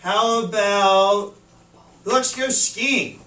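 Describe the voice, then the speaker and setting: High-voiced male teacher in an echoey classroom. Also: takes it slowly, sharp tone, distant mic, slight background noise. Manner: asks the class questions and repeats answers. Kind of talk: classroom lesson. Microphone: far camera.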